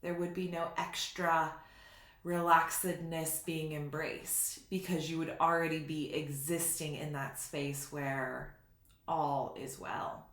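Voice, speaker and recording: A woman giving a slow, reflective spiritual teaching in a vlog, sometimes laughing at herself. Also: low-pitched, flat delivery, a bit bright. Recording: roomy echo.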